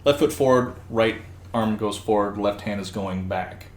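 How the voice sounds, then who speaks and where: A man in his thirties hosting a casual chat, recalling stories in a relaxed, rambling way. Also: on the low side, moderate pace. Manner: relaxed, rambling, many fillers. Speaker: podcast host. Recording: roomy with faint background hiss.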